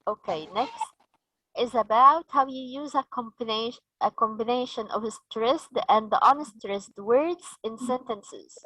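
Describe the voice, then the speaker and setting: Slow-speaking Egyptian woman trainer. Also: a little high, fairly bright tone, no echo, low-quality recording. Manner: slow, explanatory, quizzes the audience. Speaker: teacher trainer. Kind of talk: training session lecture.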